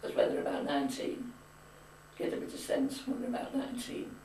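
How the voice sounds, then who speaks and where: A woman's voice: a little high, sing-song, a little fast, mellow, slight background noise. An elderly grandmother telling family stories in a chatty, opinionated way. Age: older. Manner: chatty storyteller, firm opinions. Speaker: grandmother being interviewed. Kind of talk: reminiscing casual chat. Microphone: camcorder mic. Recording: echoey room, far from camcorder mic.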